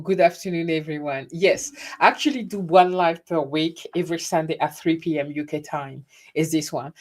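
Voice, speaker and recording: Her voice is low and darkish. She's a French woman with a French accent running a casual webcam livestream, calling out viewers by name and often beginning her sentences again.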